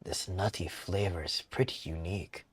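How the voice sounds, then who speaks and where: A man voicing a gruff, friendly old male traveler in a video game, speaking low and unhurried. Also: fairly even intonation, a little hiss or hum, natural voice. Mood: mellow friendly.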